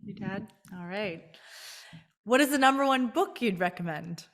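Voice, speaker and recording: A woman co-hosting a real estate interview, upbeat and quick to laugh as she reads out a question segment. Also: medium pitch, lively intonation, fairly bright tone. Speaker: co-host. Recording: long reverb.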